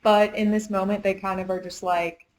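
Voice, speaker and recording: A woman's voice: mid-range voice, flat delivery, moderate pace, a little hiss or hum, rough recording. Chatty young woman retelling a book. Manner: chatty retelling, heavy use of "like". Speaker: book reviewer. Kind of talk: casual chat.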